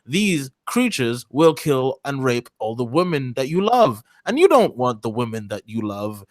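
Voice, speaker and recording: A man's voice: medium pitch, very animated, measured pace, dry recording. A man co-hosting a casual stream chat, rambling and mocking, often tripping over his own restarts. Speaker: stream co-host.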